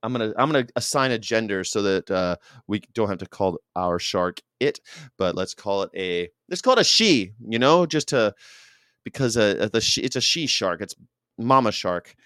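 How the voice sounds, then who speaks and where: A man with a lowish voice hosts his own show in a loose monologue. He is animated and emphatic and often restarts his phrases. The recording is dry and close, with no room sound. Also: moderate pace, no room sound. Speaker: show host. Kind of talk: casual monologue commentary.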